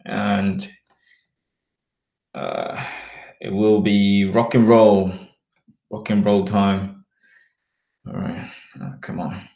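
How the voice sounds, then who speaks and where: A man with a blended Australian and British accent chats on his livestream in a low voice. He talks very slowly and rambles while addressing viewers in the chat. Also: fairly even intonation, gravelly, warm tone, reverberant. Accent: mixed Australian and British.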